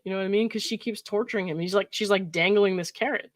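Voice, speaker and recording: A woman's voice: mid-range voice, fairly quick, pauses often, no echo. Laughing woman reading texts aloud. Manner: laughs often, reads quoted texts with mock emphasis, frequent likes and ums; exasperated, incredulous asides. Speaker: commentary channel host.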